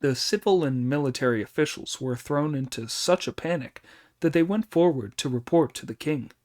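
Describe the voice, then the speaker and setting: A man narrating an audiobook of a classic tale in a measured, even reading. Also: fairly high pitch. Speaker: audiobook reader.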